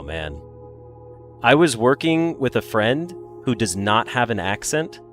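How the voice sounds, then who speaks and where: A man with an American accent, a little congested, chatting casually with viewers in a rambling, animated way. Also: lowish voice. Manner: animated, rambling, swings between loud bursts and mutters. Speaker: streamer.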